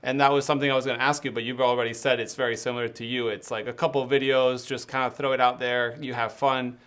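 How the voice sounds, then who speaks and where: A man's voice: mid-range voice, little pitch movement, fast talker, fairly bright tone. A man from Spain, raised bilingual, with an American-leaning English accent, chatting casually in an interview and filling his talk with "like" and quoted thoughts. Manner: chatty, many fillers and quoted self-talk. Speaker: photography channel host.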